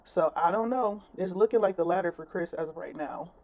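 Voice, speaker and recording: A woman's voice: fairly low pitch, fairly quick, a little mellow. A woman giving blunt, sassy reaction commentary on a clip, with plenty of slang. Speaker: commentary vlogger.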